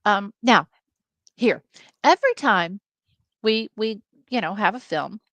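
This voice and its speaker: A woman's voice: mid-range voice, expressive, slow, a bit bright, no room sound. Chatty woman, dry sound. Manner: chatty, explains background facts with many fillers. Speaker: film podcast co-host. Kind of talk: casual film discussion. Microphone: video call.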